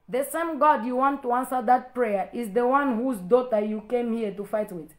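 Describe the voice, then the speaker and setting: A woman's voice: on the high side, normal speed, hardly any pauses. A woman pastor with an African accent, preaching and confronting a critic with a string of rhetorical questions. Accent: African English. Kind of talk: preaching to a live stream.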